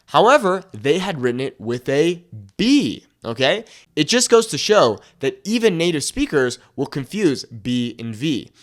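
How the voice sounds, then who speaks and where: A young male tutor gives a pronunciation lesson with a lively, bouncing pitch. He keeps checking in with a quick "okay?" and drawls each example word slowly so it can be copied. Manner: checks in with "okay?" after nearly every point; slows and stretches example words to model them. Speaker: Spanish tutor.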